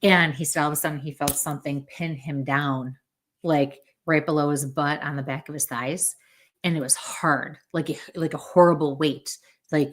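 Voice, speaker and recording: A woman's voice: low voice, steady tone, moderate pace. A woman, a medium and podcast guest, tells a story in a chatty way, acting out the lines people said. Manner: chatty, acts out quoted dialogue. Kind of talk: casual storytelling in a podcast interview.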